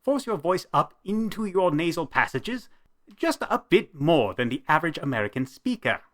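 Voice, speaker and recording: Man doing a prim, clipped British gentleman. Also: on the high side, big pitch swings, normal speed, pitched above the performer's own voice. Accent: British (put on). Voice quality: sharp clipped diction, nasal.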